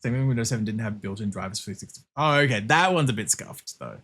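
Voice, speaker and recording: A male streamer chats casually as he plays, his husky voice bright and edged, pitch bouncing all over. He gets excitable fast, laughs often and swears freely. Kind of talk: casual livestream chat while gaming.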